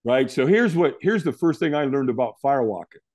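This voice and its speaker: A man's voice: a little fast, dry recording, clean studio sound. A middle-aged man, a guest in an interview, telling a story and acting out what people said to him. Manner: animated, acts out quotes with big pitch jumps.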